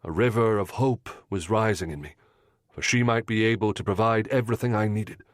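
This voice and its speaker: A man reading a first-person audiobook with a low voice. His delivery is measured and composed. The recording is dry and close, with no echo. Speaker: audiobook narrator. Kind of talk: scripted first-person narration.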